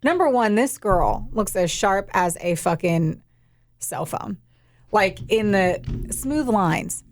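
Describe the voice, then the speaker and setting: A woman's voice: mid-range voice, lively intonation, takes it slowly, slight background noise. A young woman co-hosting a podcast, retelling a true-crime case in casual, profane, emphatic chat. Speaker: podcast co-host.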